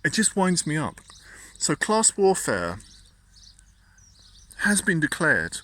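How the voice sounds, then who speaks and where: A man venting in a casual, indignant rant. His voice is bright and forceful, and he keeps tripping over and repeating his words. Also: a little high, huge pitch swings, slow. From Britain. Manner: indignant, stumbling repetitions. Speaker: vlogger.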